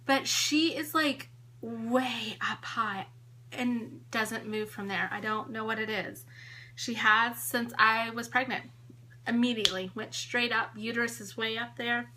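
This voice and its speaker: A woman in her late thirties who vlogs about home organizing shows viewers her house on a tripod camera, pregnant and a bit out of breath, giggling through the casual live-stream chat. Her fairly high voice has a sharp tone and fairly even intonation, and she doesn't hurry.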